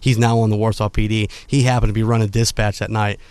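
A man's voice: fairly low pitch, fast, clean tone. A man hosting a podcast, telling a casual story with laughs and acted-out quotes. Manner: animated, laughing, acts out quotes.

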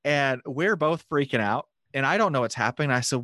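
Quick animated man telling a story. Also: medium pitch, no room sound, studio quality. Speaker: guest telling a mission story. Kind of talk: casual storytelling testimony.

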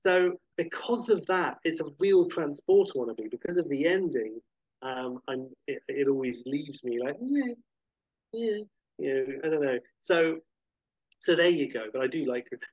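Husky guy gushing about movies, dry close sound, kinda muffled lo-fi. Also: on the high side, moderate pace, no room sound. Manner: enthusiastic, animated when retelling scenes. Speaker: podcast co-host. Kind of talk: casual film chat.

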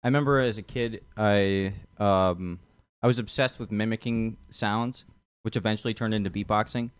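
Young guy guest, low voice, rambly and sweary, dry close sound. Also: steady tone, moderate pace, clean tone, no echo. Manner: rambling, profane, laughs often. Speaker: podcast guest. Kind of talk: casual chat.

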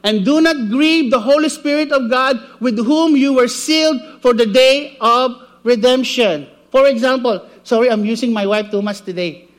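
A male preacher teaching a church class from slides, animated and jokey, often checking in with the listeners and restarting his phrases. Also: very high voice, normal speed, few pauses.

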